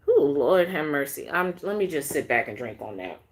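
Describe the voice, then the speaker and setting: A woman in her thirties telling a dating story on a casual live stream, animated and emphatic, repeating phrases for effect. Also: sits low, normal speed, hardly any pauses, slightly rough.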